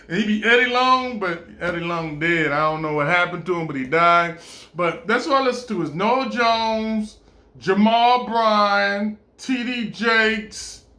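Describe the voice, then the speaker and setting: A man talking in a rambling, casual monologue, animated and stammering, often laughing and breaking into playful impressions. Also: high-pitched, echoey room.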